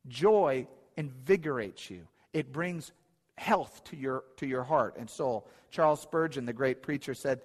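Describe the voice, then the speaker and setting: A man's voice: medium pitch, animated, normal speed. Preaching man in a reverberant hall. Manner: earnest, emphatic preaching with repeated phrases. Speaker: pastor. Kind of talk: sermon.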